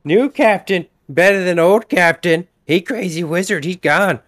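A man's voice: sits high, unhurried, fairly bright tone, no room sound, studio quality, pitched above the performer's own voice. A man voicing a scrappy male goblin who talks in choppy, broken sentences. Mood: pleading.

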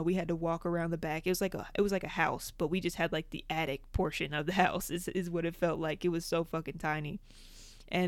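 A young woman hosting a podcast, telling a story in a casual, profane, animated way. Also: lowish voice, clear, resonant tone, no room sound. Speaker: podcast host.

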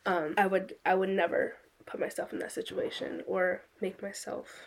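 Young woman talking w her mom, calm and supportive, mid voice. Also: mid-range voice, moderate pace. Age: young adult. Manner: supportive, reassuring. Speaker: daughter of the host.

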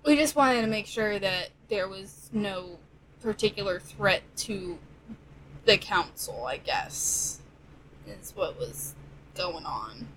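A woman's voice: mid-range voice, lively intonation, slow pace, fairly bright tone, slight background noise, rough recording. A woman playing a tabletop game, laid-back with short replies. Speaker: player.

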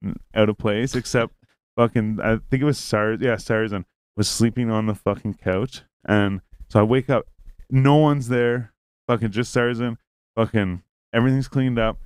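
A man's voice: on the low side, fairly even intonation, normal speed, a little mellow, smooth, no room sound, clean studio sound. A young man telling a long story in casual chat, rambling and swearing often, acting out what people said. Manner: rambling, profane, acts out quoted lines.

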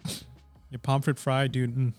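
A man's voice: medium pitch, little pitch movement, slow pace, faint music behind. A man from India talking casually with friends, laid-back and swearing now and then. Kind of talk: casual chat.

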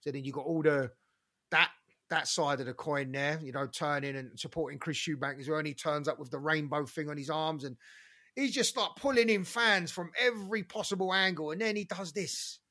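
A man's voice: on the high side, fairly even intonation, fairly quick, sharp tone. A man, co-hosting a casual sports chat, blunt and exasperated, swearing now and then. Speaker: podcast co-host.

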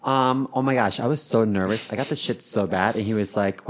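A man's voice: medium pitch, a little fast, few pauses. A young man co-hosting a podcast, telling candid, rambling stories in casual chat with lots of fillers. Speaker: podcast co-host.

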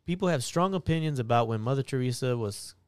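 Deadpan joking podcast guy. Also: medium pitch, quick pace, smooth, no room sound, studio quality. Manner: jokey, deadpan, reads items out. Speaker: podcast co-host. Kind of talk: casual chat.

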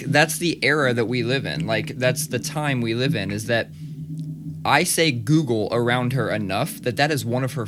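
A man in his thirties co-hosting a podcast in casual chat, loose and swearing, with quick asides. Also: medium pitch, background noise. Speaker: podcast co-host. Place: small studio. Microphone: studio microphone.

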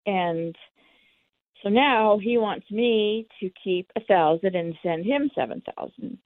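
A woman's voice: mid-range voice, slow pace, no room sound. A woman telling her own story in an interview, candid and acting out the dialogue. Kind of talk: personal storytelling. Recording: tinny phone line, dry.

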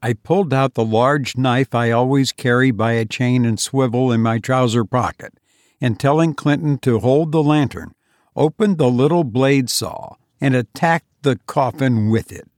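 Measured man narrating an audiobook. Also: mid-range voice, darkish tone, dry recording, studio quality.

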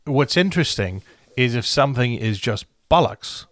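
A man's voice: mid-range voice, animated, moderate pace, a bit bright, no room sound. Man with a put-on British accent. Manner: playful, rambling, prone to restarts. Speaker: podcast co-host. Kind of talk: comedic podcast banter in character.

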